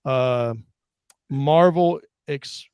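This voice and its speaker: Very slow and smooth, this medium-pitched man speaks on a casual online ministry panel, studio-quality with no room sound. He's animated as he goes, acting out quotes and searching for names.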